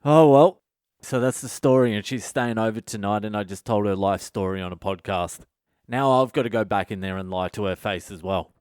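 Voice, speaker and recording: A man's voice: on the low side, fairly quick, clean tone, no echo, studio quality. A man hosting his own podcast, telling a story in a blunt, profane way with sarcastic asides. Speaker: comedian podcast host. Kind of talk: casual solo storytelling podcast. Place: at home at night.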